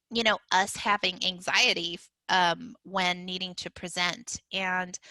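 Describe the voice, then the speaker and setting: A woman's voice: medium pitch, sharp tone, no room sound, low-quality recording. A woman educator giving a conversational parenting talk, with frequent fillers and restarts. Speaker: early childhood educator.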